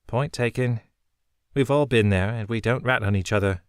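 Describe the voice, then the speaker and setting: A man's voice: medium pitch, moderate pace, clear, resonant tone, no echo, clean studio sound, lightly acted. A man voicing a shrewd, wry young woman smuggler who talks in a chipper, blunt way.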